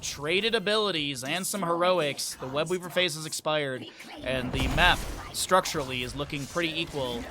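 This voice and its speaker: A man's voice: on the high side, noisy background. A man giving solo play-by-play commentary on an esports match from home, rattling off game events and lifting his voice at big plays. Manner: fast rundown of game events, bursts of excitement at big plays. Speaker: esports caster. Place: home, with a dog in the room.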